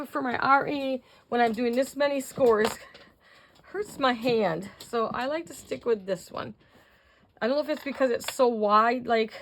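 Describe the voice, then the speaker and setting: Chatty woman with a higher voice teaching a craft. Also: gravelly, a little hiss or hum. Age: older. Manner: chatty, talks to viewers while working, counts out measurements. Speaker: craft tutorial host. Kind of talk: casual crafting tutorial.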